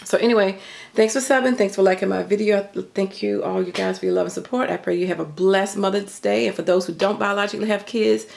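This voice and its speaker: Fast and fairly even in intonation, a middle-aged woman's mid-range, creaky voice with a darkish tone carries this casual show-and-tell vlog. Slightly out of breath, she rambles with fillers from behind the camera at her home craft table.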